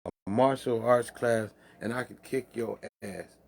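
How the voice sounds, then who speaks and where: A man of middle pitch talks on a late-night stream in a loose, profane street manner. He preaches at his listeners and breaks into laughs at his own jokes. A faint hiss of noise sits under the voice. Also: a little slow, gravelly. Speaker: livestream host. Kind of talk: casual late-night monologue.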